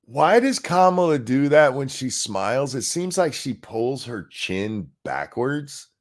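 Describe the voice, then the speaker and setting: A man's voice: mid-range voice, sing-song, unhurried. A man hosting a profane, sarcastic political commentary rant over video clips. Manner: sarcastic, profane, mocking mimicry.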